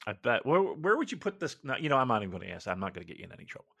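Lively, swearing male co-host. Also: mid-range voice, rapid-fire, vocal fry, dry recording. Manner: swears a lot, animated storyteller. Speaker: podcast co-host. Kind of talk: casual podcast chat.

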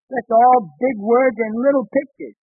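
An actor playing an excitable, bumbling young husband and father who blusters and fusses, in 1940s radio sitcom style. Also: breathy edge, dry recording, heavily acted. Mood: blustering. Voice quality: high, fussy, quick to bluster. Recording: tinny old 1940s radio broadcast.

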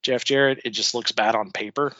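A man's voice: mid-range voice, fairly even intonation, a little fast, sharp tone, no room sound. A man co-hosting a podcast in casual chat, talking in a chatty, profane way and laughing at his own stories. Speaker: podcast co-host. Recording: dull lo-fi dry recording.

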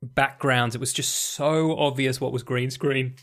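A man's voice: mid-range voice, steady tone, unhurried, a bit bright. A man in casual conversation about movies, telling anecdotes animatedly and swearing freely.

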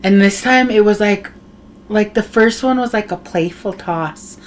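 Animated woman telling a ghost story. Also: mid-range voice, unhurried, a little hiss or hum. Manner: animated, acts out others' voices in her tales; laughs often while telling. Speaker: podcast guest, host's wife. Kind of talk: casual storytelling.

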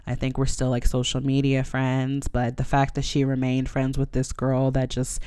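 Young woman podcaster, frank, emotional storyteller, smooth voice, dry close sound. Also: extremely low pitch, monotone, normal speed, dark tone, dry recording. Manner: emotional, frank, swears casually, many fillers. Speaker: podcast host. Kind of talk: candid personal storytelling.

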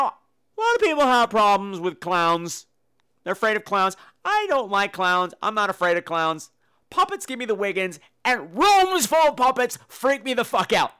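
A man's voice: sits high, normal speed, smooth. A man hosting a podcast, telling a personal story in a theatrical, comedic way, swearing freely. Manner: animated, profane, theatrical, acts out quotes. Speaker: podcast host.

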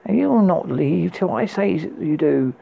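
A moody young woman locked in a tower, teasing one moment and shrill the next, put on by a man reading aloud. The voice sits high and husky, with a gravelly edge. It comes through a thin, phone-like recording. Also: animated, a little slow, heavily acted. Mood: furious.

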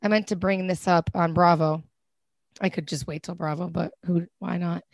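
A woman's voice: on the low side, fairly even intonation, normal speed, creaky, dry recording. A woman co-hosting a podcast in casual chat, blunt, sarcastic and gossipy. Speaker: podcast co-host.

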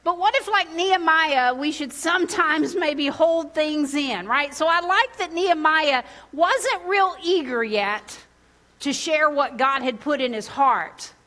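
A woman giving a sermon, telling a personal story in an animated way and laughing often. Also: high voice, a little slow. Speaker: preacher.

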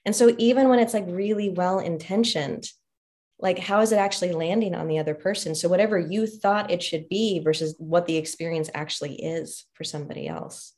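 A woman with a slightly low voice talks through a story in a relaxed, conversational way. She laughs often and fills her speech with "like" and "um", as if chatting with friends on a podcast. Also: fairly quick. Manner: warm storytelling with frequent laughs and "like" fillers. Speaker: podcast guest, relationship coach. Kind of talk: casual conversational podcast talk.

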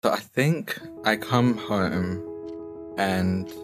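Low-ish guy playing his character in a tabletop game, rambly, um and like a lot, music in the background. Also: very slow. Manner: rambling with many fillers and likes. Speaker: player.

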